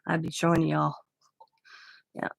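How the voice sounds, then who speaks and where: Faint music sits behind a middle-aged craft vlogger whose deep voice has vocal fry and a completely flat delivery at a measured pace. While crafting, she tells a rambling personal story in a casual, chatty way, laughing and often correcting herself mid-sentence. The sound is clean studio quality with no room sound.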